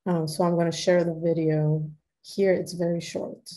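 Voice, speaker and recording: A woman's voice: on the low side, level tone, dark tone, low-quality recording. A woman from Peru, reading a prepared academic lecture carefully over a video call. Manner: measured, careful delivery of written text. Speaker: academic presenter.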